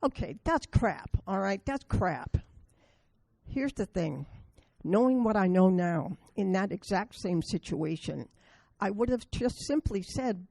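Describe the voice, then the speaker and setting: Gravelly, dark-voiced woman telling stories. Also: medium pitch, animated, unhurried, no echo. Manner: blunt, storytelling, self-deprecating. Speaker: meeting speaker. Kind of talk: recovery meeting talk with stories.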